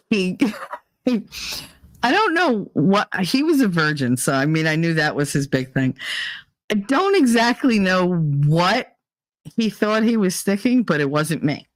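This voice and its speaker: Low-pitched woman swearing and laughing thru a story on her podcast, voice swinging up and down a lot, dry sound. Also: no echo, poor audio. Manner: frank and profane, laughing often. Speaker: podcast host. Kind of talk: casual storytelling rant.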